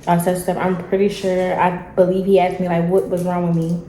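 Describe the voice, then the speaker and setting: A woman's voice: on the low side, fairly quick, a little hiss or hum. Chatty young woman in an echoey room. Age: young adult. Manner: animated, chatty, acts out dialogue. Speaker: vlogger. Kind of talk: casual storytelling while eating.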